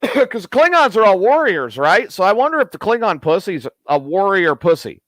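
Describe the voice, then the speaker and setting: A man hosts a late-night show in a casual, crude, rambling way. His voice sits a bit high and leaps around a lot as he gets excited. The sound is dry and close, with no room echo. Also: moderate pace. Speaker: host.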